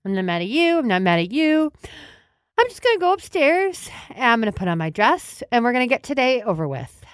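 A woman's voice: on the high side, brisk, clean tone, no room sound, studio quality, voice pushed up. A woman improvising a sulky young bride who turns apologetic, in a comedy role-play. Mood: insisting. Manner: sullen, flat, then apologetic.

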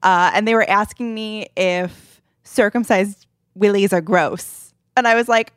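A woman's voice: mid-range voice, brisk, hardly any pauses, no echo. Wry woman podcast co-host, dry mic. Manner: wry, self-deprecating, playful anecdotes. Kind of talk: casual chat.

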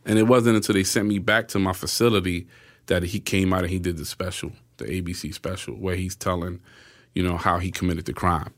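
Low-voiced man telling his story. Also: fairly even intonation, brisk. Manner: acts out quoted voices, often asks "right?". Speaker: interview guest. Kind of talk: casual storytelling.

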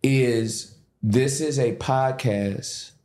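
A man from Inglewood, a pastor talking as a podcast guest, animated and slangy, slipping into other people's voices. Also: mid-range voice, extremely slow. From Inglewood, Los Angeles. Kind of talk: casual podcast conversation. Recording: roomy echo.

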